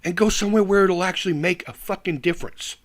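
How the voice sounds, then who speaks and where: A man's voice: high voice, quick pace. A middle-aged man hosting a live chat stream, reading comments aloud and ranting with heavy profanity and frequent laughs. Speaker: livestream host.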